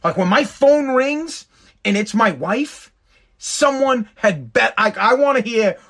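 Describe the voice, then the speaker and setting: A man's voice: extremely high pitch, expressive, slow pace, a bit bright. A man telling an exasperated, profane stand-up story. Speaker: stand-up comedian.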